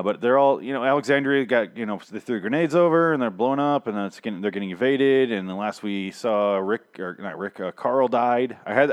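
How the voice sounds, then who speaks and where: A man hosting a casual TV review podcast, rambling and swearing freely, often stammering and restarting his sentences. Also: fairly low pitch.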